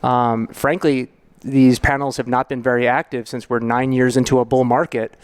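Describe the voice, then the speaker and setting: Clear-voiced man explaining at length. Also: mid-range voice, level tone, moderate pace. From New York. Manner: thoughtful, explanatory, with frequent fillers. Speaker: guest, family financial planner. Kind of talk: conversational podcast interview.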